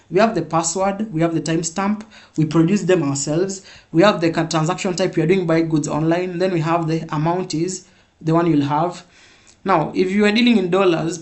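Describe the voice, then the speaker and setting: A man's voice: a little high, a little mellow. A man teaching a live programming class, repeating points and checking in with "yeah?". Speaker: programming instructor.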